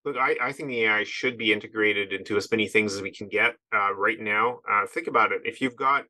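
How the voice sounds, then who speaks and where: A man's voice: lowish voice, fairly quick, bright, forceful tone, dry recording, poor audio. A middle-aged man from Canada, a podcast guest talking casually in a rambling way with many asides.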